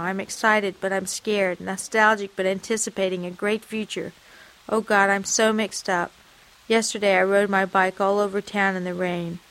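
A woman's voice: mid-range voice, fairly bright tone. A woman reading aloud from a personal diary in an earnest, confessional, reflective way.

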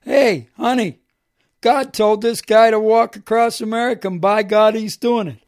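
A man doing a loud, drunk, boisterous stranger. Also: high-pitched, fairly even intonation, normal speed, dry recording, clean studio sound, natural voice.

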